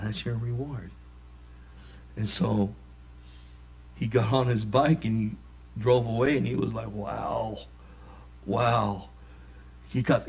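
A man's voice: mid-range voice, creaky. A man preaching a sermon with emphatic call-and-response. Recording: dull lo-fi recording.

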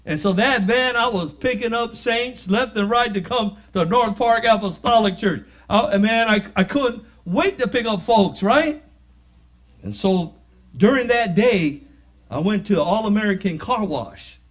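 A man giving a spoken testimony in church, animated and acting out the dialogue as he tells it. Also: sits high, unhurried. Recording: dull lo-fi recording.

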